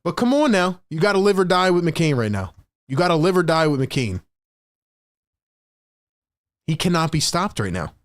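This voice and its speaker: A young man hosting a fan live stream, calling the game play by play with excitable, frustrated energy and talking to his chat. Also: fairly high pitch, moderate pace, long pauses. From Philadelphia area.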